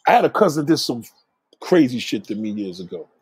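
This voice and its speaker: A man telling street stories in a casual monologue, animated, acting out the voices of the people he describes. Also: mid-range voice, fairly quick, husky, no echo.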